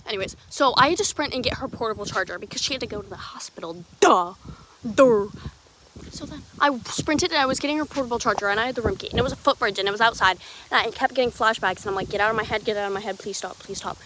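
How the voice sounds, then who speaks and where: A young woman hosting her own podcast, telling a story casually, rambling and swearing, with many restarts, swinging between loud and hushed. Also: a little high, fast, a little hiss or hum. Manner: lively, jumping from loud to hushed. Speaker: podcast host.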